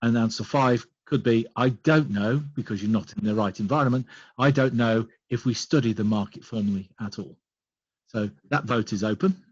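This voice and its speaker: A man presenting a business webinar, explaining points in a measured way and listing them one by one. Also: on the low side, slightly rough, dry recording. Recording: dull lo-fi online call audio.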